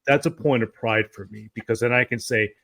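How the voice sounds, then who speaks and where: A man hosting a casual chat, easygoing and relaxed as he tells stories. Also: mid-range voice, brisk, vocal fry, dry recording.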